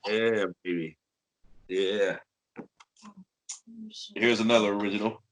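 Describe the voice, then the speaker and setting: A man in his fifties from St. Louis with a deep bass voice, telling stories as an interview guest in an animated way and slipping into impressions. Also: slow pace, a little hiss or hum, rough recording. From St. Louis, Missouri. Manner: animated storyteller who breaks into impressions and laughs. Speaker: guest voice actor. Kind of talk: casual interview storytelling.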